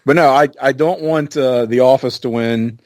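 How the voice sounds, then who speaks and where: Male podcast co-host, mid pitch, easygoing halting delivery, dry recording. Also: a little mellow, no room sound. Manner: easygoing, halting with many ums. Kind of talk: casual chat.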